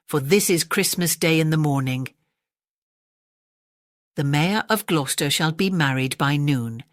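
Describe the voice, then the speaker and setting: A woman's voice: sits low, no room sound, studio quality. An English woman doing a weary old tailor.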